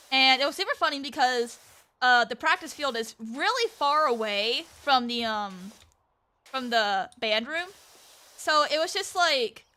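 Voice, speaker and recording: High, bright-voiced young woman rambling. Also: a little fast. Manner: rambling and chatty, with frequent fillers and swearing. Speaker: VTuber streamer. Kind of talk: casual storytelling during a game stream.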